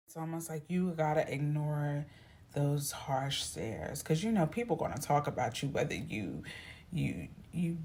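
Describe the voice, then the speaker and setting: A woman vlogger telling a personal story in a chatty, animated way, acting out what people said. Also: sits low. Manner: chatty, animated, acts out quoted voices. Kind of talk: casual storytelling to camera.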